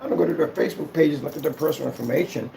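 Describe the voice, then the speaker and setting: Gravelly, dark-voiced man rambling casually. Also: a little high, racing, slight background noise. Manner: rambling, thinks aloud, mocks critics. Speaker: small business owner. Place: indoor business premises.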